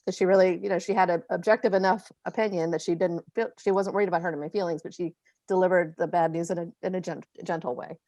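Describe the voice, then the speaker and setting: A woman's voice: lowish voice, quick pace, dry recording. Chatty laughing woman moderating a panel. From Florida, USA. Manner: chatty, laughing, animated storyteller. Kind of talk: casual panel discussion.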